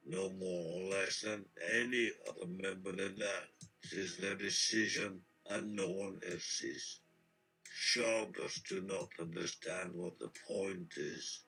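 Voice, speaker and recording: A man's voice: deep voice, creaky, bright, forceful tone, full character voice, rough recording. A man reading out the answers of a menacing shapeshifting shoggoth monster in character, pompous and threatening, speaking in proclamations.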